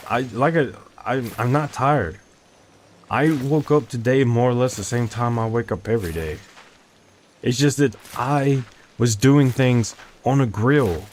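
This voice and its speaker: Here a young man streams a game and talks loosely with his chat, his medium-pitched, darkish voice moving along unhurriedly. His talk wanders and he often cuts himself off to start over, over a faint hiss or hum.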